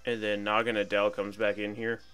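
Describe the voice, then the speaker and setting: A man's voice: on the low side, completely flat delivery, brisk, fairly bright tone, clean tone, soft background music. A young man casually commentating his own battle game, chatty and playful, thinking aloud about each move. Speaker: gaming commentator.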